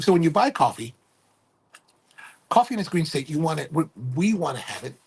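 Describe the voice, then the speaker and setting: Middle-aged male livestream host, gravelly and husky, casual rambling talker who self-corrects. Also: on the high side. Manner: rambling, self-correcting, keeps asking "right?". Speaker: livestream host and coffee retailer.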